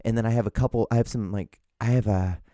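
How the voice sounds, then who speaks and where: Rambling, self-mocking man with a dark tone. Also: on the low side, fairly even intonation, fast talker, no room sound, studio quality. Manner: rambling, self-deprecating, swears freely, acts out both sides of conversations. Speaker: podcast host. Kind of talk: solo rambling monologue.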